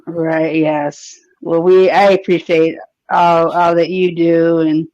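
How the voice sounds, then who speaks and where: Caller, slow and flat delivery, heartfelt, hesitant, dry lo-fi call sound. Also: medium pitch, no echo. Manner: hesitant and heartfelt, full of restarts. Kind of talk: casual call-in chat. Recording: dull lo-fi call audio.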